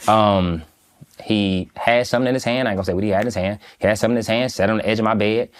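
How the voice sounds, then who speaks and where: A man from Michigan, a guest in an interview, recounting a personal story in a slow, halting, reflective way with many pauses. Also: fairly low pitch, fairly even intonation. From Michigan, USA.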